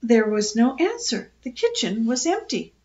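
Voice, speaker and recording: An older woman reading a children's chapter book aloud in a gentle, expressive way. Her fairly high voice rises and falls with plenty of life. The recording sounds muffled and lo-fi. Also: moderate pace, background noise. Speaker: storyteller.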